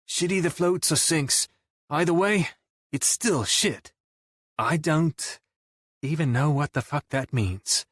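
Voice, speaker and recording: A man's voice: a little high, takes it slowly, fairly bright tone, husky, no echo, clean studio sound, pitched above the performer's own voice, exaggerated voice. A man playing a breezy, cocky drummer. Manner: breezy, wisecracking. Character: cocky young male drummer, restless charmer. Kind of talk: audiobook character voice.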